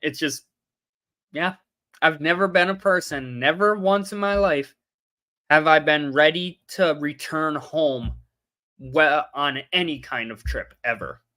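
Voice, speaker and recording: On the high side and bright, his voice comes across as forceful while keeping a measured pace. He's a young man running a casual livestream, chatting loosely with viewers and frequently losing track of what he was saying.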